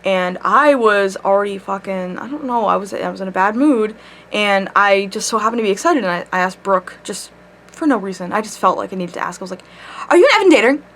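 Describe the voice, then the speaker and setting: A woman telling a personal story straight to her camera in a casual vlog, animated and full of swearing. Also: medium pitch, a little fast. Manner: animated, swears a lot, laughs mid-story. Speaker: vlogger. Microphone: camera mic.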